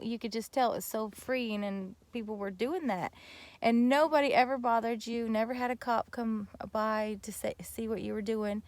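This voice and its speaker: A woman's voice: on the high side, no echo. A young woman vlogger telling a story casually and animatedly, with many fillers and restarts.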